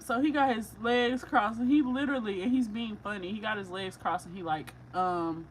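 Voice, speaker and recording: A woman doing a psychic reading for viewers, talking casually and excitably with slang, often breaking into laughter. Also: mid-range voice, moderate pace, a little hiss or hum, poor audio. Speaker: psychic reader.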